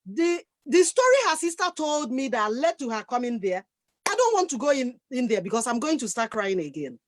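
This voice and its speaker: A woman on a discussion panel, speaking forcefully and with passion from her own experience. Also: fairly high pitch, very animated, brisk, dry recording.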